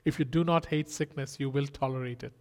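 A man's voice: mid-range voice, steady tone, fairly quick. A man preaching a sermon in an earnest style, asking rhetorical questions and exclaiming.

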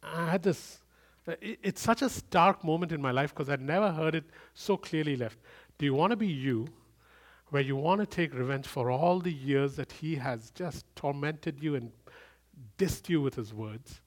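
Emphatic pastor preaching with big swings. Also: male voice, fairly high pitch, normal speed. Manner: dynamic, swings from loud emphatic bursts to quiet intimate storytelling. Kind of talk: sermon.

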